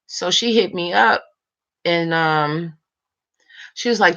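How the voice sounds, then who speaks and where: A woman of about fifty chatting late at night, telling a long story time in an animated, rambling way with lots of fillers. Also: lowish voice, slow pace, long pauses, dull audio. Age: 50s. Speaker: vlogger.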